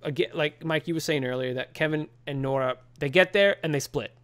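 A man hosting a podcast in casual chat, animated and chatty, full of fillers and restarts. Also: fairly high pitch, fairly quick, clean tone. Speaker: podcast host.

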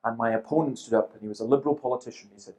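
A man in his fifties delivers a seminar talk in a lively storytelling manner. He slips into the voices of people in his anecdotes and keeps a dry, humorous edge throughout. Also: mid-range voice, very fast, rough recording. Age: 50s. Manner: lively storyteller who acts out quoted people, with dry humour. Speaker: seminar speaker.

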